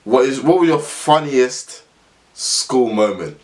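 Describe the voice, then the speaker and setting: A young man rambles through a story for his vlog, full of slang and quick asides. His voice sits at an ordinary middle pitch but swings up and down a lot. He breaks into laughter through much of his telling. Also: animated. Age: young adult. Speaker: vlogger.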